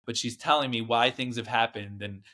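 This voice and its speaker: A man's voice: medium pitch, steady tone, moderate pace, pushed and bright. A man, a podcast guest, telling a personal story in a casual, earnest way, with lots of fillers and restarts.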